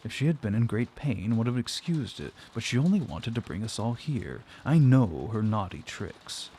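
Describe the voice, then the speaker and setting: A man's voice: mid-range voice, expressive, moderate pace, warm tone, slight background noise, lightly acted. A man voicing a scornful, disapproving woman servant in a storybook reading. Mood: disgusted. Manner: disdainful, scolding.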